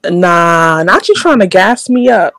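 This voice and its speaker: A woman's voice: fairly low pitch, lively intonation, measured pace, a crowd in the background. A woman with a New York accent chatting casually in an online group talk, blunt and profane.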